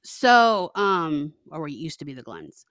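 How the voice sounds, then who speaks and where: Animated woman telling a story, dry mic. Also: low voice, measured pace, no echo. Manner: animated, acts out both sides of phone calls. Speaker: podcast co-host. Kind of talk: casual storytelling chat.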